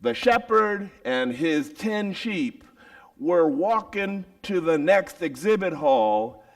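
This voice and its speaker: A man who is a teacher and preacher, telling a story. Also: high voice. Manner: animated storytelling with dramatic pauses. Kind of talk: storytelling sermon.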